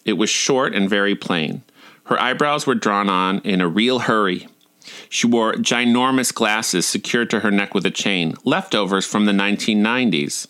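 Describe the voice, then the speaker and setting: A man's voice: fairly low pitch, moderate pace, a bit bright, clean tone. A man in his forties reading his personal essays aloud in a wry, dryly comic way. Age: 40s. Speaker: storyteller.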